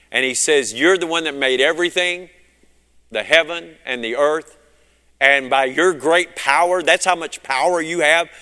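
A man with a Southern US accent, preaching a fervent sermon that surges and drops in loudness. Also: fairly high pitch, big-room sound. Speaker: pastor.

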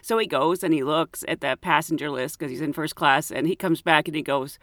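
A woman who is a flight attendant and podcast host, telling travel stories in a lively way and acting out the voices of people in them. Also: low voice, a little fast, dry recording, clean studio sound. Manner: animated, acts out quoted voices with laughs. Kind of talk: casual anecdotal storytelling.

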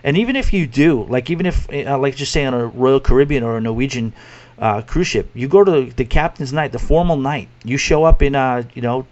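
A New York City man with a New York accent hosts a podcast in a casual interview style, talking a little fast at medium pitch. His tone is darkish and the highs are cut off, and he's self-deprecating, restarting his sentences a lot.

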